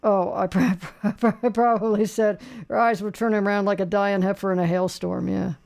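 Man, radio call-in host, gravelly rasp, loose folksy rambling delivery. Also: high voice, level tone, moderate pace, a little mellow. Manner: rambling, folksy, lots of fillers and restarts. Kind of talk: casual call-in chat, radio trivia quiz.

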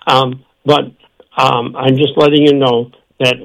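A man calling in to a radio talk show. He has the hiccups and speaks haltingly, with frequent fillers and restarts. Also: mid-range voice, flat delivery, vocal fry, a bit bright, rough recording. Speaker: caller. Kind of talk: call-in phone chat.

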